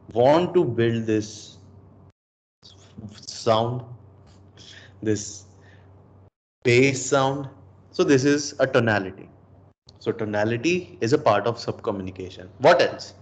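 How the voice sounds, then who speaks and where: A young man giving a coaching session, emphatic, asking the listener rhetorical questions and mixing in Hindi phrases. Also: medium pitch. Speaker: dating coach.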